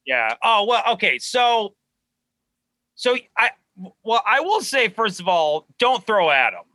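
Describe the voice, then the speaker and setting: Excitable male sports fan. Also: high-pitched, unhurried, no room sound. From Chicago suburbs. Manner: excitable diehard fan, stammering restarts, laughs. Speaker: guest. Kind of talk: casual sports chat.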